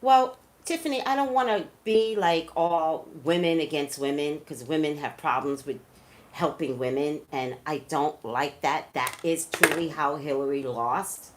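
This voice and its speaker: A woman hosting her own live stream, talking unhurried and emphatic as she lectures her viewers. Her voice sits somewhat low, and she spells things out with pointed repetition. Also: slight background noise. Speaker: psychic reader and host. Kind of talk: casual live-stream commentary.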